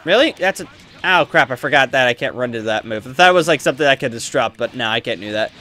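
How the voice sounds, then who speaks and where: Guy rambling thru a fighting game, bright voice, lots of ums and trash talk. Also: mid-range voice, quick pace. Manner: excitable, trash-talks opponents while playing; rambling with many fillers. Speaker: gaming channel host. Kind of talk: let's play commentary.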